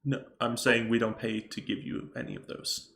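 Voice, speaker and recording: A man's voice: mid-range voice, fairly even intonation, normal speed, gravelly, a bit bright, slight background noise. A man narrating and running a tabletop role-playing game, answering players in a dry, matter-of-fact way. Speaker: game master.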